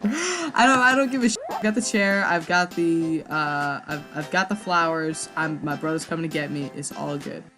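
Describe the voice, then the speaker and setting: A woman's voice: sits low, lively intonation, normal speed, fairly bright tone. Rambling young woman gamer, music behind. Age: young adult. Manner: rambling, self-interrupting, stammers and swears. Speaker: gaming vlogger. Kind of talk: rambling let's-play storytelling.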